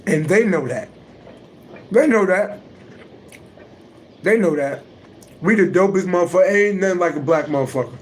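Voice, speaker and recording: A man's voice: high-pitched, expressive, moderate pace, pauses often, slight background noise. A man, hosting a livestream and talking bluntly and emphatically with heavy profanity. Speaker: livestream host, astrology reader. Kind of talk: casual livestream talk.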